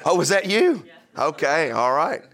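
A man's voice: fairly high pitch, a little slow. A man pastor delivering a sermon, telling stories and preaching with rising, emphatic energy. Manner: animated, rises to loud emphatic preaching.

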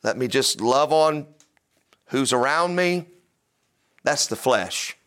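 A man's voice: medium pitch, slow. A man pastor delivering a sermon, telling stories and preaching with rising, emphatic energy. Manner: animated, rises to loud emphatic preaching.

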